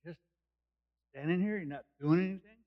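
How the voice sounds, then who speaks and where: A man's voice: fairly high pitch, normal speed. A man preaching a sermon, explaining a passage verse by verse in plain, conversational words. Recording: dull lo-fi recording.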